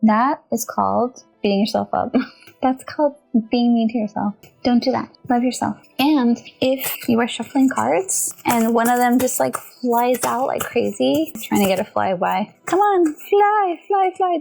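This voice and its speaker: Brief: casual tarot-tutorial host, woman, higher voice with some vocal fry, chatty and giggly, faint music underneath. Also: a little slow. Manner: chatty, giggly, animated, talks to viewers directly. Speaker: tarot reader and channel host.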